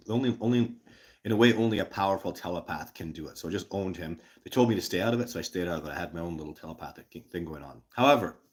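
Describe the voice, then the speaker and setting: Deep-voiced man hosting a live stream. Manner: excitable, emphatic, repeats words and restarts. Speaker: host of a live show. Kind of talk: live-stream talk answering chat questions.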